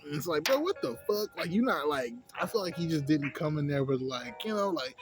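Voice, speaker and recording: A young man rambling casually and profanely into his phone about a movie, acting out scenes in a higher voice. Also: lively intonation, a little fast, few pauses, over music, poor audio. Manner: loose, profane, rambling, acts out scenes in a high voice. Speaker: vlogger. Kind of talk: casual smoke-session movie review.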